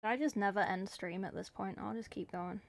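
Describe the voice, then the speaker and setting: A woman's voice: medium pitch, fairly quick, vocal fry. A young woman painting miniatures on a livestream, chatting casually and answering viewer chat as she works. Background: faint background music.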